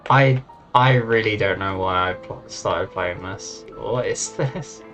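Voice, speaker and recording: A young man playing a game on stream, casually commenting in a puzzled, deadpan way and muttering to himself. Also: lowish voice, takes it slowly, faint music behind.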